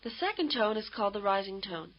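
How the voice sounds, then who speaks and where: A woman giving measured, explanatory scripted narration for a language course. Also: medium pitch, big pitch swings. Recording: dull lo-fi course audio.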